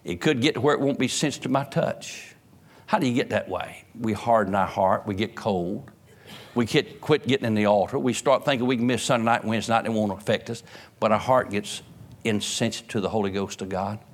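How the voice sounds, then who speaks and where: A pastor, preaching a sermon and telling homespun stories. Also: male voice, on the low side, a little fast. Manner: folksy storytelling preacher, rising in emphasis.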